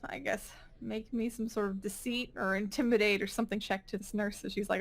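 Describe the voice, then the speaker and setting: A woman's voice: medium pitch, steady tone, fairly quick, creaky, few pauses. A woman narrating as game master of a tabletop game, casual and playful.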